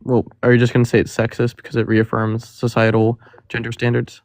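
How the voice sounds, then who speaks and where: A 21-year-old man debating on a live stream, measured and using fillers as he argues. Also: medium pitch, monotone, a little mellow, no echo. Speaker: caller debating the host.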